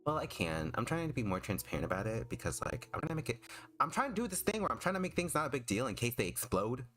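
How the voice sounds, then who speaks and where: A young man streaming as a VTuber, chatting casually while drawing, with vocal fry and a rambling, hesitant way of talking full of fillers and restarts. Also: medium pitch, sing-song, quick pace, a bit bright.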